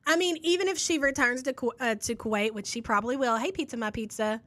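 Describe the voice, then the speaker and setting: A woman's voice: a little high, quick pace, fairly bright tone. Sarcastic woman hosting a live reaction show. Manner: sarcastic, reads chat messages aloud. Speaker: commentary podcast host.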